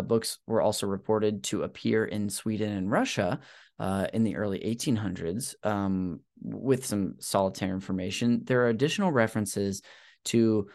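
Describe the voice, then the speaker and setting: Low-voiced hesitant man hosting a podcast. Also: a little mellow. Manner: rambling, hesitant with many ums, self-deprecating. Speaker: podcast host. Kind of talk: casual podcast chat.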